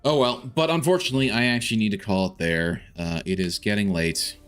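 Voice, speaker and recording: Low-voiced man rambling over gameplay. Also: fast, fairly bright tone, clean tone, soft background music. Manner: thinks aloud, rambling with frequent restarts. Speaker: gaming streamer. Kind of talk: casual live gameplay commentary.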